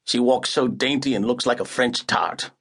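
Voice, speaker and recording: A man's voice: mid-range voice, normal speed, gravelly, a bit bright, breathy edge. A man voicing a hard-drinking, middle-aged film star with a Welsh accent and a blunt, wry drawl. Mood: amused.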